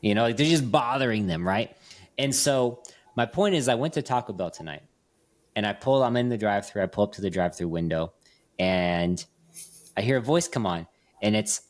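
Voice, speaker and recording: Tiefer, gesprächiger Podcast-Moderator. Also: male voice, on the low side, moderate pace. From Las Vegas. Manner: chatty storyteller, many fillers and restarts. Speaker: podcast host. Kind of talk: casual chat.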